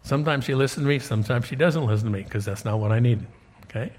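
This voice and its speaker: A man preaching a sermon as pastor, animated and conversational, full of rhetorical questions. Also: mid-range voice, quick pace, big-room sound.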